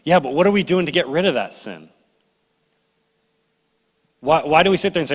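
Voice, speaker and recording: A middle-aged man preaching a sermon, animated and conversational, acting out complaining voices as he tells the story. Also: fairly high pitch, brisk, pauses often. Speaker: pastor. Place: church sanctuary. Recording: reverberant church hall.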